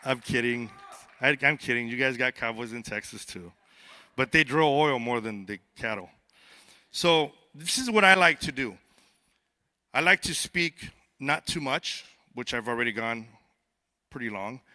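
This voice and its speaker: A man's voice: mid-range voice, expressive, measured pace, long pauses, pushed and bright. A man who is a border patrol agent giving a conversational, joking speech on stage to a live audience, often repeating words as he starts a sentence. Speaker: border patrol agent speaking at a youth summit. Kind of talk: conference speech.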